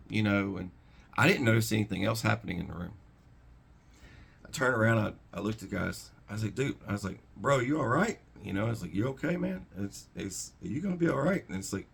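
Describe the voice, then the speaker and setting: A middle-aged man hosting a preparedness channel, recounting a dream in a rambling, halting way with many restarts. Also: lowish voice, creaky, bright, forceful tone, breathy edge. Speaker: prepper channel host. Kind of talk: casual storytelling to camera.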